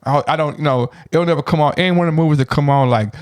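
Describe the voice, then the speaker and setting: A man's voice: fairly high pitch, quick pace, clean tone. A man in his thirties co-hosting a podcast, rambling casually and tacking "man" onto his sentences. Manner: laid-back, rambling, says "man" a lot. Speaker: podcast co-host. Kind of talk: casual chat.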